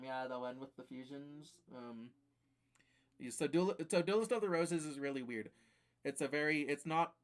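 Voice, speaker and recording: A man streaming live, ranting casually and profanely about games that beat him, rambling with fillers. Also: medium pitch.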